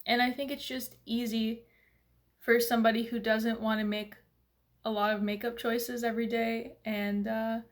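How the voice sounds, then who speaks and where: Woman, casual makeup review, rambling, filler-heavy, slightly high-pitched. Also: flat delivery, normal speed. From Canada. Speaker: beauty vlogger.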